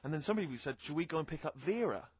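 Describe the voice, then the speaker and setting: A man's voice: fairly high pitch, lively intonation, very fast, breathy edge, no room sound, highs cut off. A young man from the West Country, co-hosting a radio show and telling a self-mocking anecdote with laughs. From West Country, England. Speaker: radio co-host. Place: radio studio.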